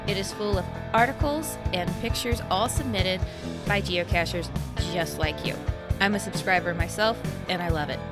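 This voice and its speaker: A woman hosting a podcast, asking friendly questions and reading a clear outro. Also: on the low side, normal speed, over loud music. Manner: friendly, brief reactions, clear scripted outro. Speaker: podcast host. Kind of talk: interview host and outro.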